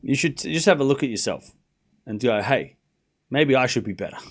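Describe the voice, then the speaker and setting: Man, mid pitch, very lively delivery. Streamer calling tennis live and bantering with chat in fake outrage. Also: brisk. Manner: playful mock outrage while reading viewer messages.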